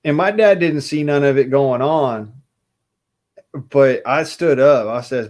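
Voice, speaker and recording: A man's voice: mid-range voice, measured pace, darkish tone. A man from Utah in casual chat, telling a rambling childhood story and cursing freely.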